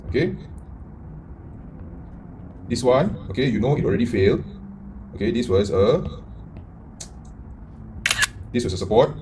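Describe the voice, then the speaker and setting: A trading mentor runs a live lesson in a blunt, profane style, peppering viewers with rhetorical questions and alternating loud outbursts with mutters. His voice is a little high, with slight hiss or hum in the audio.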